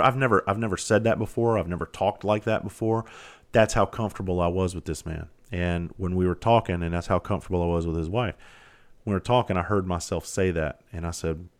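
A middle-aged man hosting a podcast, talking candidly and profanely as he tells stories from his firefighting life. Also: low voice. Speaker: podcast host, former firefighter. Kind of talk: casual podcast monologue.

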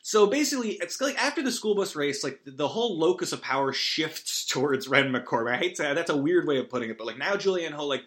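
A man's voice: a little high, animated, brisk, hardly any pauses, a bit bright. A man talking through a film recap on his podcast, rambling and self-deprecating. His voice sits a little above the usual range for a man and jumps around wildly as he gets worked up. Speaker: podcast host. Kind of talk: casual movie recap.

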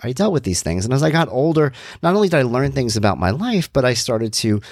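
A man's voice: mid-range voice, big pitch swings, fast, a little mellow, no echo, clean studio sound. A middle-aged man hosting a podcast, talking candidly in a rambling monologue with jokey asides. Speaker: podcast host.

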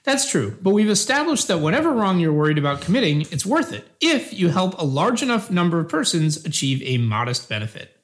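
A man reading the part of an earnest debater who defends utilitarian ethics in a scripted philosophical dialogue, measured and patient. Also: high-pitched, very animated, a bit bright. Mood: calm.

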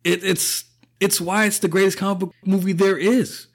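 A man's voice: sits high, steady tone, fairly quick. A man hosting a podcast, talking through a casual opinion monologue, emotional and profane, choking up and laughing often. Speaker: podcast host.

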